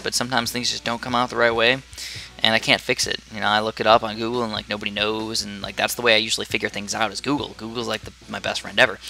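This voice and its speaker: Bright, chatty young male gamer. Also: mid-range voice. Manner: rambling and chatty, full of fillers and restarts. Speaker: gaming video creator. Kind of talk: casual gameplay commentary.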